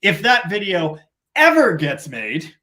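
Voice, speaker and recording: Middle-aged Canadian man, live-stream host; bright, slightly high voice, rambling self-deprecating chatter. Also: huge pitch swings, slow pace. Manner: rambling, self-deprecating, talks in long run-on chains. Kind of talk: casual live-stream chat.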